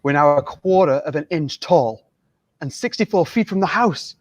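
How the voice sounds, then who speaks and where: A man's voice: a little high, expressive, moderate pace, no room sound. A man reading a film scene aloud, voicing an earnest young male scientist. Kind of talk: reading a film scene over a video call.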